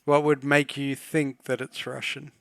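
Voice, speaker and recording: A man running a tabletop game as game master, who asks players for checks in a measured, gently probing way. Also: medium pitch, level tone, clean tone, no echo.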